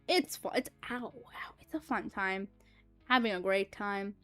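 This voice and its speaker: A young woman livestreaming, telling a rambling, animated story full of fillers, swearing and laughter. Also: medium pitch, a little slow, faint music behind. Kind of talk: casual storytelling chat.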